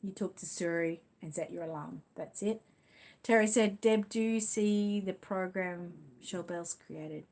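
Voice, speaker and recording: A woman's voice: fairly low pitch, a little slow, darkish tone. A middle-aged Australian woman chatting casually on a livestream, rambling and cooing affectionately as she reads viewer comments. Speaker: livestream host.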